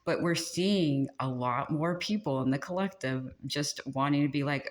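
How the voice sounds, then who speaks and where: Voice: medium pitch, moderate pace. A host giving a casual channeled spiritual pep talk, chatty and rambling, laughing often and venting frustration. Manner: chatty and rambling, with many fillers and frequent laughs; exasperated and venting.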